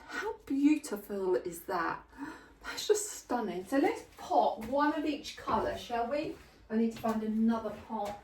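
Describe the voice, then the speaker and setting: A woman chatting casually and rambling a little as she pots up plants in a greenhouse. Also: medium pitch. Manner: chatty and rambling, lots of ums and likes. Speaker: gardening vlogger. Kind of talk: casual chat while potting plants. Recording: roomy, mic at a distance.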